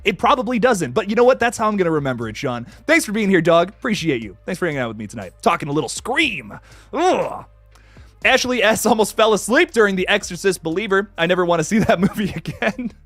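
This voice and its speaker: A man's voice: high-pitched, big pitch swings, fast talker, fairly bright tone, no echo, soft background music. A young man hosting a casual live stream, greeting chatters with hype and swearing casually. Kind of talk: casual live stream chat, reading comments.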